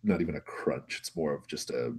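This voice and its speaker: A man narrating as game master of a tabletop role-play in a relaxed, halting way. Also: extremely low pitch, breathy edge.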